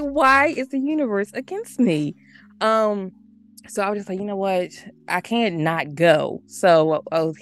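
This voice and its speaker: A woman from the United States telling a story as a podcast guest, chatty and animated, full of "like" and laughter. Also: lowish voice. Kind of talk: casual storytelling.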